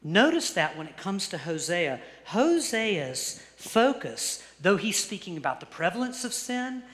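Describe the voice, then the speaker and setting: A male pastor preaching a sermon, reading scripture slowly and softly, then speeding up for earnest asides. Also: high voice, expressive, long reverb tail.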